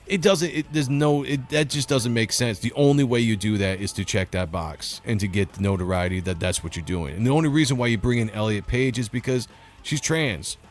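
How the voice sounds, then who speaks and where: Speaking fairly quickly in a mid-range voice, a livestream host works through chat comments in a casual setting. He's blunt and opinionated, laughing a lot as he goes.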